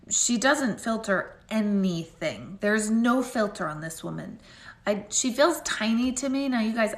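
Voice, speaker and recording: A woman gives a casual live-stream psychic reading in a mid-pitched voice, chatting and rambling with constant "like" fillers. Her voice rings with a roomy echo. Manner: chatty, rambling, heavy use of "like". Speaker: intuitive medium.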